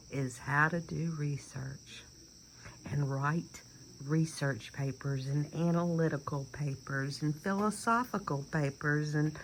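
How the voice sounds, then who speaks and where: A middle-aged Southern woman delivers an emphatic, rambling personal rant that at times drops to a near whisper. Her voice sits low, and the low-quality recording carries a little hiss or hum.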